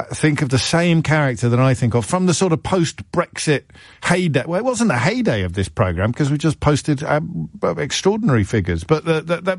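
A man's voice: mid-range voice, no room sound, studio quality. A man hosting a radio phone-in, sarcastic and mocking in his commentary.

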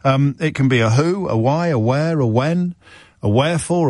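A man's voice: mid-range voice, lively intonation, moderate pace, a little mellow, dry recording, studio quality. A middle-aged man hosting a radio phone-in, chatty and self-deprecating, with stammering restarts. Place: radio studio. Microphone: studio microphone.

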